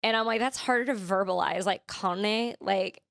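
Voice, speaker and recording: A woman's voice: mid-range voice, a little fast, creaky, no room sound, studio quality. A woman from California, a podcast guest, chatting casually and rambling with many "like" fillers and restarts.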